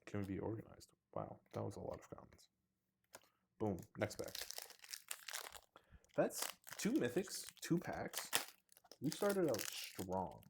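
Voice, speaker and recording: A man's voice: lowish voice, vocal fry, noisy background. Chatty man opening card packs. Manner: chatty, self-mocking, reads card names aloud. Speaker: card box opening host. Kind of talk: casual unboxing commentary. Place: indoors under two large lights.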